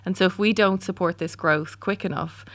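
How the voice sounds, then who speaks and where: An Irish woman in her forties, a company founder, answers interview questions in a brisk, candid way. Her voice sits somewhat low for a woman, and she often restarts her sentences and fills gaps with ums. The recording is dry and close, with no room echo. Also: fairly even intonation. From Ireland. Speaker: startup founder and CEO.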